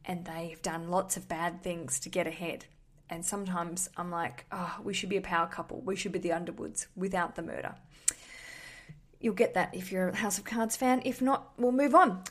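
Chatty woman hosting a podcast. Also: medium pitch. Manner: animated, adds playful asides and jokes between read-out messages. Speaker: podcast host. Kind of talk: chatty podcast monologue reading listener messages.

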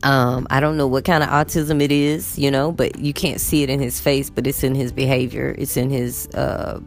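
Woman, teacher vlogger, low gravelly voice, animated chat. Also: normal speed, faint music behind. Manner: chatty, animated storytelling with acted quotes of students. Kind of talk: casual vlog chat.

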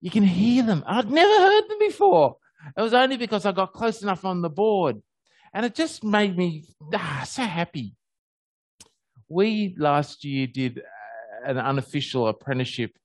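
Here an Australian man preaches conversationally, weaving in personal anecdotes with an animated storytelling style. Whenever the story turns happy or exciting, his pitch shoots up. There's no echo; the sound is dry and close with no room noise.

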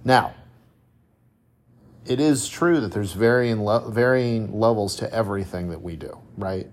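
A man's voice: fairly low pitch, unhurried. A man hosting a solo motivational podcast, talking reflectively and conversationally with rhetorical questions and frequent restarts. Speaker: podcast host.

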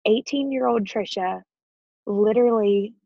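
A woman in her thirties, an interview guest, tells her personal faith story with a husky edge to her medium-pitched voice, speaking a little slowly. She is earnest and emotional, often laughing and close to tears. The recording is dry and a little dull, like a lo-fi home setup.

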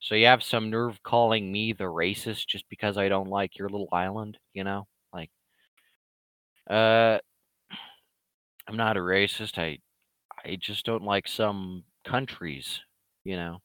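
A comic creator speaks to his online fans in a casual, rambling monologue, swearing freely and quick to mock the people he discusses. His voice is on the low side, smooth and fairly bright, in a dry recording.

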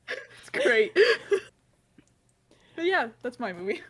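A woman's voice: high voice, big pitch swings, takes it slowly, pauses often, a bit bright. A young woman co-hosting a podcast, telling a made-up plot in a rambling, giggly way with lots of fillers. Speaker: podcast co-host. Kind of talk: casual chat.

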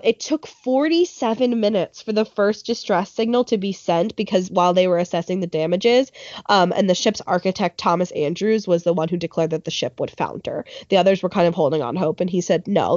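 A woman's voice: lowish voice, fairly quick, darkish tone, dry recording. A woman telling a history story in a casual podcast chat, with lots of ums and likes, and correcting herself as she goes. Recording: dull lo-fi sound.

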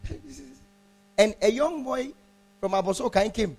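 A man preaching a sermon, animated, half-singing his phrases, laughing and quizzing the congregation. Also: high-pitched, a little slow. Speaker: pastor.

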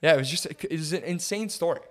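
Moving at a quick pace, a young co-host on a podcast tells a story in a casual way. He's animated and acts out quotes with big swings in his voice.

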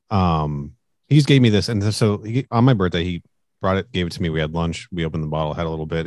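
A man with a very low, deep voice chats casually on a podcast. He tells his stories in a relaxed, rambling way and often ends with a quick "you know?". The sound is close and dry, with no room echo. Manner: laid-back storyteller, trails off with "you know?". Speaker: podcast co-host. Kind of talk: casual chat.

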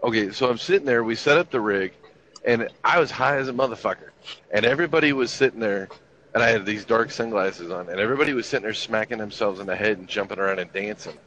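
A man's voice: fairly low pitch, fast, fairly bright tone, slight background noise. A man in his fifties telling army stories in casual chat, with a laid-back, profane, wry delivery. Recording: dull lo-fi recording with faint ambience.

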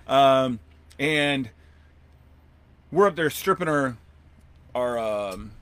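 A man hosting a podcast, telling a long outdoor story in a rambling, animated way and acting out what people said. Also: medium pitch, drawn-out words, slight background noise. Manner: rambling, animated, acts out quotes. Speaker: podcast host. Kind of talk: casual storytelling.

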